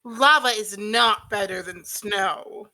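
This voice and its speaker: A woman's voice: mid-range voice, slow pace, pushed and bright, exaggerated voice, rough recording. A woman reading the lines of a cheerful, bubbly teenage girl during a comic read-through with friends. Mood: chipper. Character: cheerful dreamy teen girl Jade.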